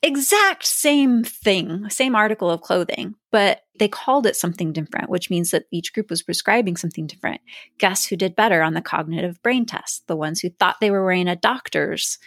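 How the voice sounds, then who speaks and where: A woman hosting a podcast in casual chat, telling stories in a lively, animated way. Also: on the low side, fairly quick, creaky, no echo, studio quality. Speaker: podcast host.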